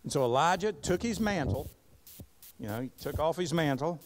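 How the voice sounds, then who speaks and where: A man's voice: a little high, normal speed, slight background noise. A man preaching a sermon, reading scripture aloud and breaking off into folksy asides to the congregation. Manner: animated preaching, reads scripture aloud and asks the congregation to repeat words; folksy Southern-flavored asides. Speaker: pastor. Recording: live church service recording.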